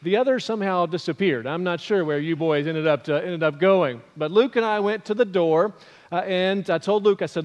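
A middle-aged man pastor preaching a sermon in an earnest, storytelling way, pausing on frequent "uh"s. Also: sits high. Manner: earnest, storytelling with many "uh" pauses. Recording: long reverb of a large hall.

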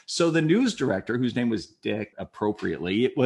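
Older man spinning animated anecdotes. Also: mid-range voice, brisk, hardly any pauses. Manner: animated, acts out the other people in his stories. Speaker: interview guest, former TV news photographer and reporter. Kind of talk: casual anecdotal storytelling.

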